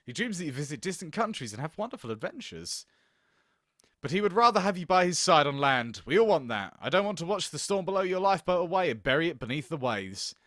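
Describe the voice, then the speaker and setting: A foreboding wife from a historical game speaks in slow, solemn lines, read aloud by a man. The delivery is heavy and measured, with a somewhat low pitch and a bright, dry tone. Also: big pitch swings, dry recording. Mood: grave. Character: judge's wife, grave and foreboding.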